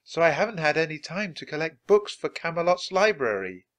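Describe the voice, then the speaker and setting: A man reading aloud and voicing a gentle, mysterious old sorceress who speaks in a calm, measured way. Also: a little high, voice pushed up.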